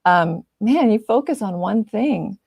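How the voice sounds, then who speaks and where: A woman artist chatting casually as an interview guest, animated and quick to laugh, with lots of fillers. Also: mid-range voice, creaky, husky, no room sound, clean studio sound. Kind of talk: casual conversational chat.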